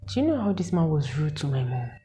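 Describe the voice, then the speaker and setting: A Nigerian woman in her twenties, telling a story to her viewers in an animated, exasperated way and asking them questions. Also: low-pitched, fast talker, crowd noise, rough recording. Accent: Nigerian English with Pidgin words. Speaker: vlogger. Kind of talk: casual storytelling to camera.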